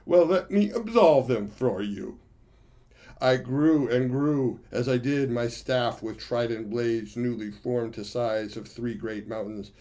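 A man's voice: mid-range voice, slow pace, warm tone, natural voice. A man as a boastful monkey warrior. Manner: gleeful, boasting storyteller addressing friends.

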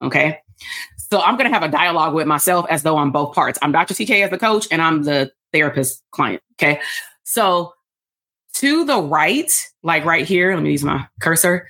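An energetic woman coach leads a live workshop for therapists. Her voice sits a little low, and she talks in a lively, animated way with casual slangy asides to the room. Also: moderate pace. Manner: addresses the audience as "y'all". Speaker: business coach for therapists and podcast host.

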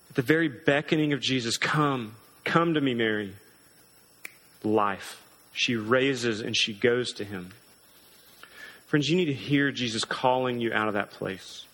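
A man preaching a sermon as pastor, earnest and emphatic, slowing down hard to stress key words. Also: mid-range voice, fairly bright tone, a little hiss or hum, low-quality recording.

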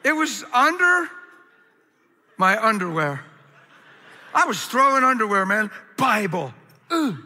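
A male pastor preaching a sermon to a live audience in a large hall. He tells his story with animated swings from loud shouts to quiet low asides. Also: slow, pauses often. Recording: long echoing hall reverb.

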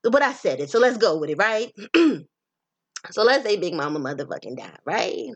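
A woman hosting a podcast, speaking in a casual, profane, animated monologue about relationships and addressing her listeners directly. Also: fairly low pitch, moderate pace.

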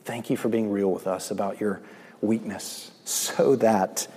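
A man preaching a sermon, swinging between loud proclaiming and quiet, hushed asides. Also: lowish voice, steady tone, measured pace, slightly rough. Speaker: pastor. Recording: long hall reverb.

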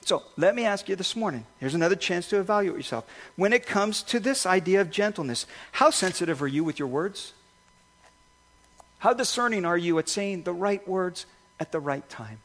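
A male pastor giving a conversational sermon, telling stories with lively restarts and asides. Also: high voice, moderate pace. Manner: conversational, animated storytelling with restarts. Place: church sanctuary.

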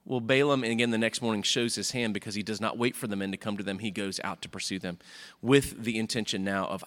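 Bright-voiced pastor in a reverberant church. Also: male voice, fast. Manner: animated storytelling, jumps into high voices for quoted characters. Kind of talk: sermon retelling a Bible story. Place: church sanctuary.

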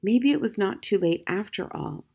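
A woman narrating a children's novel as an audiobook, in a gentle, measured way. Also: medium pitch. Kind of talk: scripted storybook narration.

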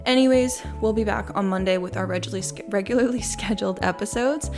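Speaking fast with few pauses over background music, a young woman with a medium-pitched voice hosts a true crime podcast. She reads updates, then chats candidly and loosely, swearing casually in this relaxed narration.

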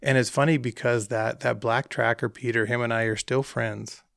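A man casually telling an animated travel anecdote, acting out the dialogue as he goes. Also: mid-range voice, normal speed, vocal fry, no echo, clean studio sound. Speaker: hunting trip guest telling a story. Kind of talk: casual storytelling.

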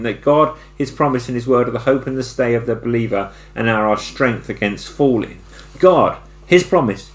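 Middle-aged male preacher, mid-pitched voice, earnest sermon delivery, rising to emphatic repetition. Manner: builds to emphatic repeated phrases.

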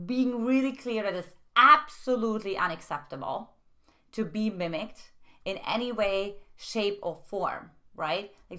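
A woman giving relationship advice straight to her viewers, animated and peppering her talk with "right?" and "like". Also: mid-range voice. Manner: animated, leans on filler "right?" and "like". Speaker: relationship coach. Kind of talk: direct-to-camera advice video.

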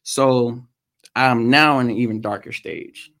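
A man with a gravelly, rough-edged voice speaks at a middle pitch. He tells a personal story as a podcast guest. He stops often and fills the gaps with "um". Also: a bit bright. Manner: halting, frequent "um" pauses. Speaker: podcast guest, motorcycle racer.

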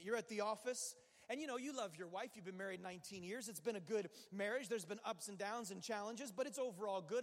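A man with a notably high voice preaches from the pulpit, animated and driving his points home by repetition. He slips into the inner voices of his listeners as he goes. His words carry a long, hanging reverb from a large hall. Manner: animated, acts out quoted inner voices, repeats phrases for emphasis. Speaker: pastor. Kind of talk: sermon. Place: church sanctuary.

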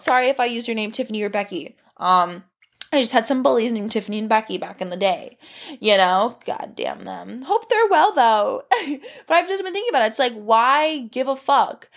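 A young woman hosting a solo podcast, talking in a rambling, candid, profane way and drifting off topic. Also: on the high side. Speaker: podcast host. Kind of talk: casual solo podcast monologue.

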